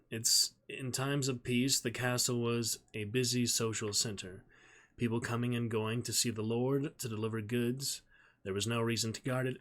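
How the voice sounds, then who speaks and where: A man's voice: mid-range voice, fairly bright tone. A man streaming live, reading a novel aloud and chatting with viewers in a friendly, easygoing way.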